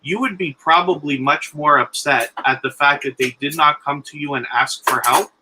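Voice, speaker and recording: A man's voice: on the high side, normal speed, noisy background. A man speaking earnestly as a guest on a live stream, giving encouragement and advice.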